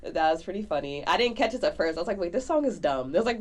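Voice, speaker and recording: A woman co-hosting a podcast, reviewing a movie in casual, animated chat full of slang. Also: sits low, quick pace, few pauses. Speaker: podcast co-host.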